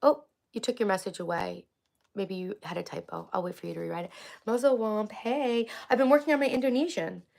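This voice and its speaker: A woman's voice: medium pitch, brisk, gravelly, a little mellow. A woman hosting a casual livestream, answering viewers' chat in a candid, rambling way, encouraging them and swearing freely. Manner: encouraging, affectionate toward viewers. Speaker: livestream host.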